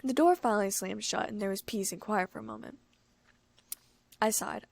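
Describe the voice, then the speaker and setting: Gravelly woman reading a fanfiction story. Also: no echo. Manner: brisk reading, raising pitch for excited characters. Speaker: audiobook narrator. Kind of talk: first-person fanfiction reading.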